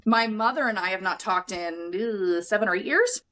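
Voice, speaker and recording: A woman's voice: mid-range voice, moderate pace, low-quality recording. A woman hosting a podcast, speaking casually and frankly, swearing freely and with emphasis as she coaches her guest on anger. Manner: acts out other people's lines in lively voices. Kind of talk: casual conversational podcast talk.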